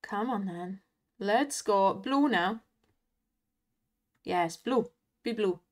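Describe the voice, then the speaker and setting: A woman's voice: mid-range voice, drawn-out words. A Welsh woman hosting an online slots video, chatting casually and laughing often as she cheers on the spins. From Wales. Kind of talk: casual chat and commentary over gameplay.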